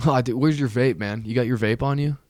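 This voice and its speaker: A man's voice: mid-range voice, normal speed, darkish tone, no echo, close to an everyday voice. A man putting on the voice of a laid-back young snowboarder bro, drawling with heavy slang. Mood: stoked.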